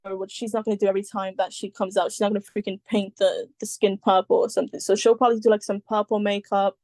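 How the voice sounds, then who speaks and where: A woman's voice: medium pitch, level tone, fast, darkish tone, no echo. A woman talking as a podcast guest in casual chat, rambling with many fillers and the odd swear word.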